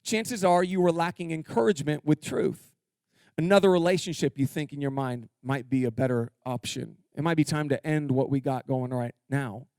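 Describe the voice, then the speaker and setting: Man, pastor, lively humorous sermon, rallies the congregation, smooth resonant voice, dry close sound. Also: a little high, moderate pace, no room sound. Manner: energetic, humorous, calls for audience response. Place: church sanctuary.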